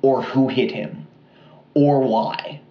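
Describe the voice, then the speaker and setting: A man's voice: mid-range voice, slow pace. Male co-host, loose rambling storyteller, mid-range voice, dull echoey room sound. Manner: relaxed, rambling with fillers and restarts. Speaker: podcast co-host. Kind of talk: casual true crime storytelling.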